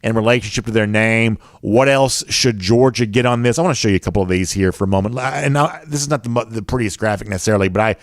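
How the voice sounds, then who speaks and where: A man's voice: lowish voice, fast talker, hardly any pauses, no room sound, studio quality. Southern man hosting a sports show. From American South. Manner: chatty, reading viewer comments, many fillers. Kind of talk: casual sports talk.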